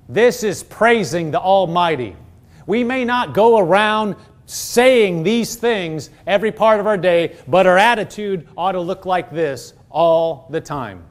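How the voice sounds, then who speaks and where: A man preaching a sermon and reading scripture aloud, earnest and emphatic, slowing down to stress key phrases. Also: high voice. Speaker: pastor.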